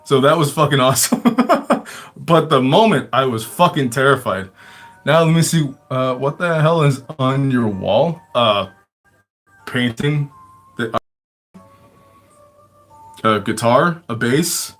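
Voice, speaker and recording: Medium-pitched man in a casual livestream, loose and rambling, swears freely, leans on filler words and laughs often. He sounds like he is chatting off the cuff rather than reading a script. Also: lively intonation, slow, pauses often, a bit bright, soft background music. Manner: rambling and profane, many fillers. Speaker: livestream storyteller. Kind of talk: casual storytelling chat.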